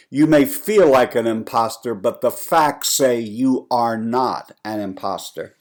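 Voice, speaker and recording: Male podcast host, mid-pitched, earnest motivational speaker, encouraging tone. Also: a little mellow. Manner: earnest, encouraging, addresses listener as friend. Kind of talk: motivational talk.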